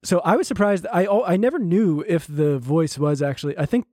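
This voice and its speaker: A man co-hosting a podcast, chatting casually with halting restarts and fillers. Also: high voice, mellow, no room sound, clean studio sound. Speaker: podcast co-host. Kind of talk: casual chat.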